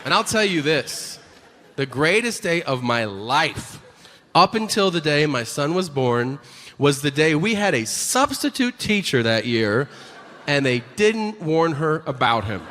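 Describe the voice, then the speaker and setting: Animated stand-up comedian with a bright voice. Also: male voice, a little high, a little slow, in a large hall, some chatter behind. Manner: animated, profane storytelling, acting out characters. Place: stage before a live audience.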